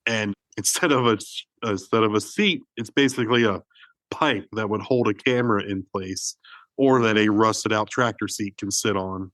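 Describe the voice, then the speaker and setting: A man's voice: fairly low pitch, normal speed, fairly bright tone, no echo. A man co-hosting a film podcast, telling stories in a loose, rambling way, full of "like" and restarts. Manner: chatty storyteller, many "like"s and restarts. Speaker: podcast co-host. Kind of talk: casual film discussion.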